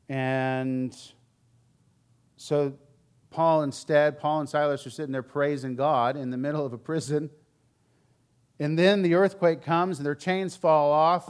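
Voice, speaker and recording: Male preacher, a touch high-pitched, candid and conversational, with loud stresses and soft asides. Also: measured pace, pauses often, clear, resonant tone. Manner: swings between loud emphasis and quiet low asides. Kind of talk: sermon.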